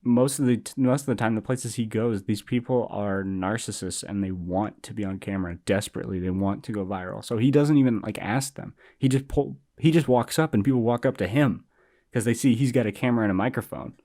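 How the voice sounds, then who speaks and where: Low-voiced young man in casual podcast chat. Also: a little fast. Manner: animated storytelling, acts out quoted people. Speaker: podcast co-host.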